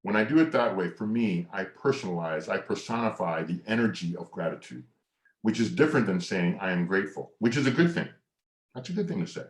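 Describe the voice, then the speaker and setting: A man's voice: on the low side, reverberant. A middle-aged man presenting a motivational masterclass, talking earnestly and reflectively about mindset. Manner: earnest, slow and reflective, drops to near whisper on mantras; leads hand exercises with lively coaching cues. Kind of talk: motivational teaching talk.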